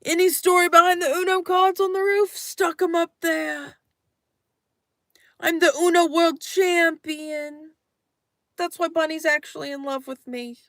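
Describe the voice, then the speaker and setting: A young woman chats on a late-night live stream in a high voice, hamming it up as she reads comments aloud. The sound is close and dry, with no room around her. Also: fairly even intonation, measured pace, a bit bright, no room sound. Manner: playful and theatrical, reading chat aloud, exclaiming often.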